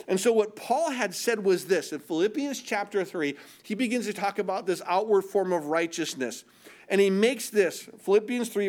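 High-voiced man preaching a sermon. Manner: repetitive, rhetorical questions, acts out voices. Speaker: pastor.

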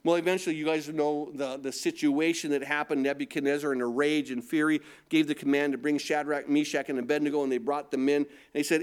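A man delivering a sermon in a somewhat high voice. He keeps asking his listeners questions and then answers them himself, and his delivery builds in force as he preaches. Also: flat delivery, fast, few pauses, smooth. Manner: call-and-response questions, rising in intensity. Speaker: pastor.

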